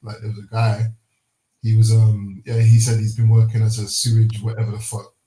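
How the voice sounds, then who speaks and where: A man's voice: on the low side, monotone, brisk, dark tone, a little hiss or hum. A young man, chatting casually with friends, loose and slangy, swearing and laughing often. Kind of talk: casual banter among friends. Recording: roomy echo.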